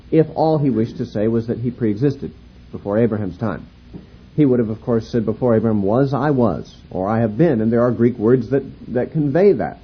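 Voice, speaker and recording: A man with a husky, slightly breathy voice delivers a Bible lecture, careful and explanatory, repeating and spelling out key words. The recording is dull and lo-fi, with a muffled top end. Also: mid-range voice. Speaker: Bible teacher.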